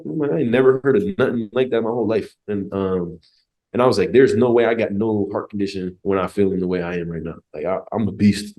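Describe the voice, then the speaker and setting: A young man with a deep, low voice tells a story as a podcast guest. He talks quickly and loosely, full of slang, jokes and swearing. His delivery stays casual and laid-back. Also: mellow. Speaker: podcast guest, former college football player.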